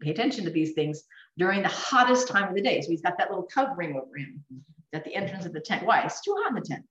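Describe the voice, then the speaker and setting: A woman teaching a Bible study to a group, animated and enthusiastic, often laughing as she explains. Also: fairly low pitch, fast. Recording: echoey room, mic at a distance, dull sound.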